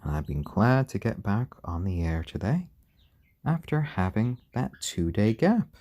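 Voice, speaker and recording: A man with a lowish, husky voice hosts a relaxed live stream at home. He talks gently and fondly to his baby chickens between chatting with viewers, his voice warm and mellow and rising and falling a lot. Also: a little slow. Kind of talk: casual live-stream commentary.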